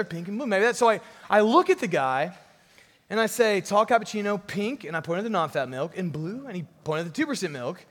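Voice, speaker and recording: Young guy preaching, high voice, big echoey hall, animated and kinda sarcastic. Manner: animated storytelling with playful sarcasm. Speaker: pastor. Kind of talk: sermon.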